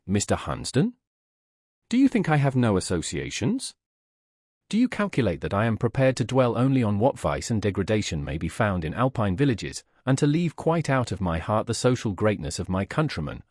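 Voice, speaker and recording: A man reading the part of a proud, fiery young Swiss woman teacher in an audiobook, earnest and quick to indignation. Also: lowish voice, very animated, darkish tone, no echo, clean studio sound. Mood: indignant.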